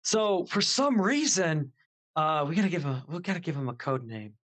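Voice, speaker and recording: A man's voice: fairly high pitch, moderate pace. A man co-hosting a podcast, telling a party story in casual chat and acting out the voices of the people in it. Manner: animated, acts out quoted voices. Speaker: podcast co-host.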